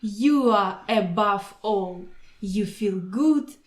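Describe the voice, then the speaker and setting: A woman voicing a boastful, proud male mosquito who pitches himself like a salesman, grandiose and persuasive. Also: lively intonation, very slow. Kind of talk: storybook voice acting. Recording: roomy echo.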